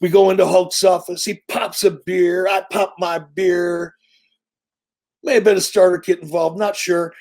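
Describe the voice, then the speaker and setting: A middle-aged man tells a story in a casual interview, with a voice pitched a little high. He talks in an animated, profane, salesman-like way, full of confidence. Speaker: interview guest.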